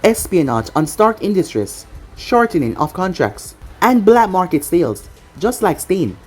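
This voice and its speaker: A woman's voice: lowish voice, sing-song, a little slow, husky, soft background music, heavily acted. A woman reading the lines of a tough, wry female spy in a storybook reading, in a dry, unbothered way.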